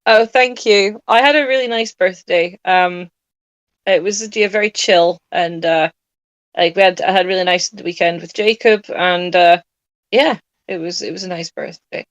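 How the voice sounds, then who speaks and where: A woman's voice: fairly low pitch, normal speed, no echo, dull audio. A woman in her late twenties co-hosting a casual chat, sleep-deprived, rambling and laughing often. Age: late 20s. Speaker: podcast co-host.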